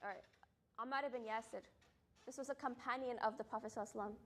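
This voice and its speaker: A woman's voice: on the high side, steady tone, rapid-fire. A young adult woman teaching an Islamic studies class in a casual, storytelling way, often asking "right?" and using many fillers.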